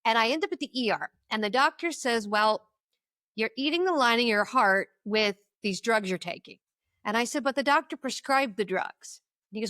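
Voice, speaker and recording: Woman guest, addictions coach, fairly high voice, animated storytelling, dry close sound. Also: moderate pace, no echo. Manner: lively storyteller acting out quoted voices. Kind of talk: personal storytelling in a podcast interview.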